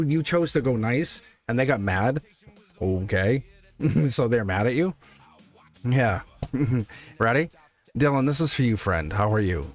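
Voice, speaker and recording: A middle-aged man talks casually to his live-stream viewers as a tarot reader. He laughs often, restarts and repeats words. Faint music plays in the background. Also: medium pitch. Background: test music.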